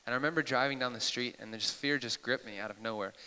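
A man hosting a live church question-and-answer session, eager and excitable, with quick apologetic asides. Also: medium pitch, slight background noise. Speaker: host. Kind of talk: live Q&A sharing. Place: church hall, live audience. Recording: echoey hall.

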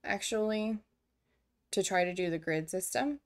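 Streameuse bavarde qui se déconcentre. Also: female voice, medium pitch, measured pace. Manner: chatty, easily distracted, self-mocking. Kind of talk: casual gameplay commentary. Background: faint game music.

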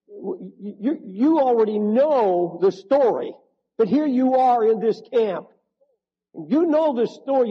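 Husky preacher retelling a story. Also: male voice, high-pitched, long reverb tail. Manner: storytelling, addressing the listener directly, rising to emphatic pleas; halting restarts and repeated words. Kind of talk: sermon. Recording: dull lo-fi sermon recording.

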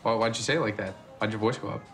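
A man's voice: fairly low pitch, fairly even intonation, rapid-fire, a bit bright, faint music behind. An actor playing a defensive young man who insists he knows his girlfriend, in a film comedy scene. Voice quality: indignant, defensive.

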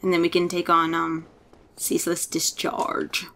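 Bright-voiced woman doing excitable game commentary. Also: lowish voice, unhurried. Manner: excitable, swearing, laughing often. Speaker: gaming let's-play host.

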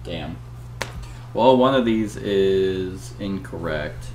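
A man's voice: deep voice, slow. A man casually playing a board game, reading the story aloud with dramatic flair and chatting with his partner. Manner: dramatic read-aloud, lively banter. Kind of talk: casual play-through with read-aloud narration. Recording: echoey room, faint hum.

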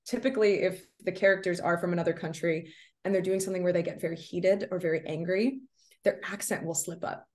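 A young actress from the States talks casually in an interview. She is chatty and leans on fillers like "like" and "um". Her voice sits a little low. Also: fairly even intonation, a little fast, darkish tone. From United States. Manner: chatty, many fillers, laughs often.

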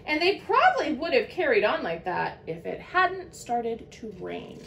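A woman teacher reading a children's picture book aloud to young listeners, in an expressive storytelling manner. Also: on the high side, a little slow, gravelly, few pauses, slight background noise.

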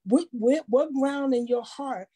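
A woman in a faith discussion who talks in a preachy, animated way and acts out quotes. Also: high-pitched, unhurried, crowd noise. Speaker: panelist.

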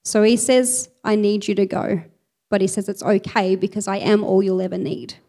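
Woman preacher, expressive sermon delivery, medium pitch. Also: moderate pace, creaky. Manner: expressive, reads scripture aloud with emphasis.

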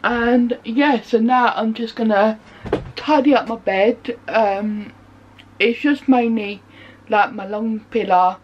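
In her bedroom at home, a woman vlogger chats casually, rambling from one topic to another. Her voice sits on the high side and she speaks slowly. The home recording is dull and lo-fi, with a little hiss or hum.

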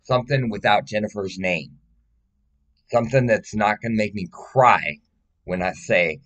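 A man's voice: lowish voice, a little slow, fairly bright tone. A man speaking in a casual personal monologue, rambling and blunt, swearing often and pleading emotionally.

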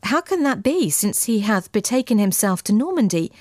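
A woman's voice: medium pitch, big pitch swings, moderate pace, darkish tone, no echo, clean studio sound. A woman narrator voicing a boastful young medieval knight, swaggering in archaic speech. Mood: doubtful.

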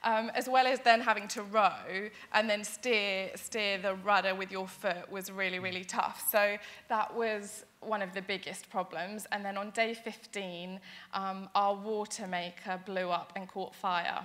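Young woman, interview guest, bright voice, earnest and eager delivery full of fillers. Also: mid-range voice, steady tone, unhurried. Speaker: interview guest, charity founder. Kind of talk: conversational interview storytelling.

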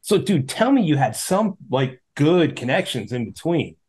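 A man's voice: fairly high pitch, sing-song, darkish tone. A man hosting a podcast, reacting casually and asking easygoing follow-up questions. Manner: laid-back, quick reactions and laughs. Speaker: podcast host. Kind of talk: casual interview chat.

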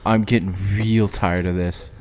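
A man's voice: fairly low pitch, steady tone, a little slow, heavy background noise. A man streaming a horror game, nervously commenting and talking to his chat.

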